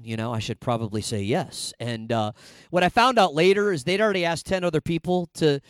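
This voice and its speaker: A middle-aged man from Indiana, a pastor telling a personal story in a sermon, animated and conversational with frequent fillers. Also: on the high side, clear, resonant tone, no room sound.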